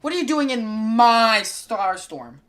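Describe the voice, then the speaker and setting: A woman voicing an angry little bomb creature that hates plumbers, with shouty, panicky squeals. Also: on the high side, animated, slow pace, a little hiss or hum. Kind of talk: comedic voice during game commentary.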